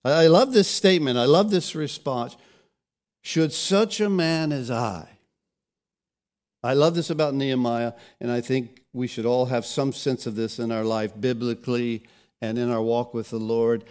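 A man preaching a sermon, retelling scripture with dramatic swings between loud and hushed lines. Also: mid-range voice, fairly even intonation, normal speed, smooth. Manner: dramatic retelling, acting out quotes with big swings of loudness.

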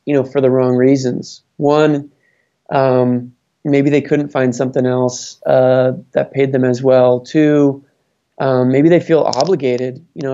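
A man's voice: medium pitch, warm tone. A man advising on family businesses, speaking thoughtfully with many fillers and restarts. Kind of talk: conversational interview answers. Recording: dull lo-fi sound.

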